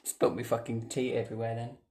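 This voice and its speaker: A young woman, vlogging at home. She swears constantly and swings between low mutters and angry shouting. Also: level tone, fast talker. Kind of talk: casual vlog rant. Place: home, indoors.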